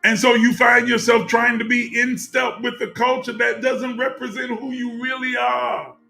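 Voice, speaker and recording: A man preaching in a very high, bright voice with a gravelly edge. He speaks slowly and rises to shouts, hammering his phrases again and again. Faint music plays underneath. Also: little pitch movement. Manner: preaching cadence, rising to shouts, repeating phrases. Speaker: teacher of a spiritual group. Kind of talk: fervent spiritual teaching.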